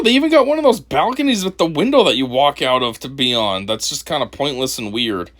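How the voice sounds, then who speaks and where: A man's voice: mid-range voice, sing-song, brisk, fairly bright tone. A man hosting a casual video commentary, mocking and profane, laughing often. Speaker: commentary channel host.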